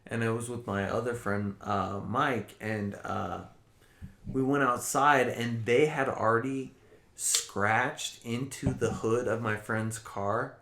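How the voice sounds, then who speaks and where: A man on a podcast tells a rambling, profanity-laced story in a relaxed conversational way. His voice sits in a mid range. The recording has a roomy echo around him. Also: mid-range voice, takes it slowly. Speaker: podcast co-host. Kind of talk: casual storytelling chat.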